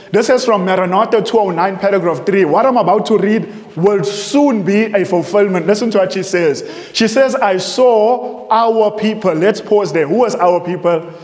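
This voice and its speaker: A man preaching with a high, urgent voice, asking questions and then answering them himself. The sound is roomy and echoes with a long reverb. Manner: emphatic, repeats phrases, asks rhetorical questions. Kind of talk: sermon with readings.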